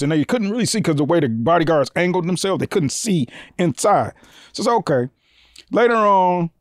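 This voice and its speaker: A man's voice: no echo, studio quality. A man guest on a podcast telling a story in a casual way, acting out the voices of the people in it and swearing freely. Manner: animated, acts out quoted voices with big pitch jumps, swears freely.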